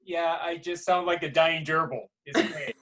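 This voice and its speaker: A man's voice: a little high, little pitch movement, normal speed, a bit bright. A man co-hosting a casual podcast chat, rambling and hesitant. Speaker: podcast co-host.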